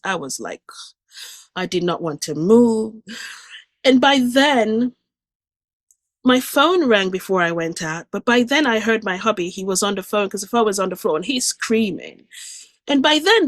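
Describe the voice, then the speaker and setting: A woman's voice: medium pitch, dry recording. Earnest woman telling a spiritual story. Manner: earnest and emotional, vivid retelling with restarts. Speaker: guest speaker sharing a near-death experience. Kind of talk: personal testimony storytelling.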